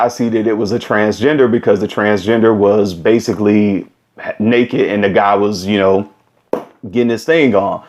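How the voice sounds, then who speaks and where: A man hosting a vlog, telling a story in casual, slangy talk straight to his viewers. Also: mid-range voice. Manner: animated, slangy, direct address. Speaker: vlog host.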